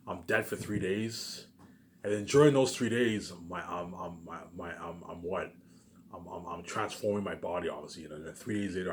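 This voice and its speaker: A man's voice: deep voice, a little fast. A man from Canada talking alone to camera in a rambling, repetitive monologue, swearing often and stressing his points. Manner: repetitive, profane, emphatic, keeps saying "obviously". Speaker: vlogger.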